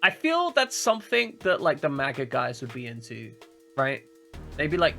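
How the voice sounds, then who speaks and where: Bright-voiced joking male streamer. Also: fairly high pitch, very animated, normal speed, soft background music. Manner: joking, swearing, repeats words. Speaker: game streamer. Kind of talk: casual chat.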